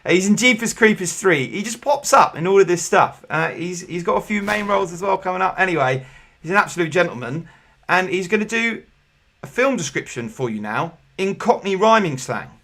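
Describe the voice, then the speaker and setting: A man hosting an online pub quiz, chatty and jokey with loud bursts of excitement. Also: high voice, a little fast. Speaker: quiz host.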